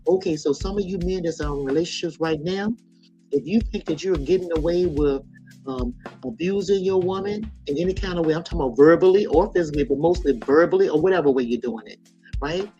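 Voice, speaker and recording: A woman's voice: deep voice, fairly quick, warm tone, lo-fi sound, soft background music. A woman in her sixties hosting a casual live chat, talking frankly in a folksy way and laughing often. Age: 60s. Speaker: live stream host.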